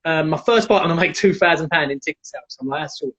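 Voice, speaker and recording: Guest storyteller: man, lively, slightly high voice, muffled live-stream sound. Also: quick pace. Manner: animated, acts out quoted voices. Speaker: guest, jiu-jitsu black belt. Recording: dull lo-fi live stream audio.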